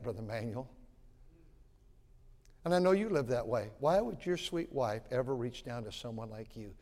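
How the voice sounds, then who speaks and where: A man's voice: medium pitch, a little mellow. A male pastor preaching a sermon in an emphatic, repetitive style with folksy asides to his congregation. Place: church sanctuary. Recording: long church hall reverb.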